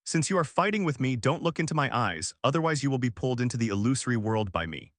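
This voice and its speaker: A calm, overpowered young pirate captain who speaks coolly, voiced by a male text-to-speech reader. The reading is flat and steady at a middling pitch, for an audiobook. The audio is dry and close-miked. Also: quick pace, no echo, lightly acted.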